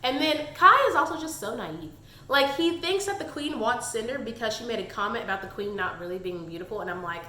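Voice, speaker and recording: A chatty young woman in a book review vlog, with a high, bright voice. She talks in an animated way, tossing off quick character impressions between her own comments, and the sound is echoey, as if she is in a bare room. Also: a little hiss or hum.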